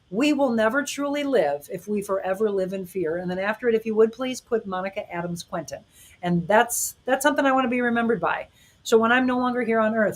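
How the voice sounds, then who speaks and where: Gushing enthusiastic middle-aged woman host. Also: medium pitch. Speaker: live-stream podcast host. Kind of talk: casual live chat reading viewer comments.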